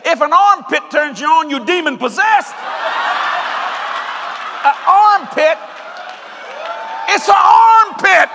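A male preacher giving a sermon in an animated, joking way, often breaking into shouts. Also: very high-pitched, slow, pauses often, big-room sound, crowd noise, noisy background.

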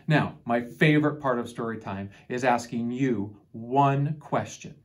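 A woman storyteller reading a picture book aloud to children, expressive and deliberate, who then asks the listeners about its lesson. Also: extremely low pitch.

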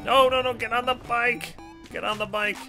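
A man streaming games live, reacting excitably with frequent laughter and shouted yelps at what happens on screen. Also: very high voice, normal speed, loud music behind the voice. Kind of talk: live gameplay commentary.

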